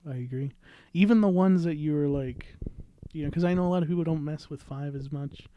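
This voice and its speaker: A man with a fairly high voice hosts a podcast in loose, casual chat. He talks excitably and swears freely as he gets into the conversation. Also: fairly quick, highs cut off, slight background noise. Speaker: podcast host.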